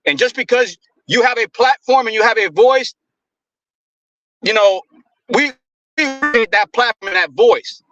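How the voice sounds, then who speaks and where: A man's voice: extremely high pitch, unhurried, long pauses, bright, forceful tone, dull audio, a little hiss or hum. A man co-hosting a casual sports talk show, making an earnest, argumentative case about his team. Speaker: co-host.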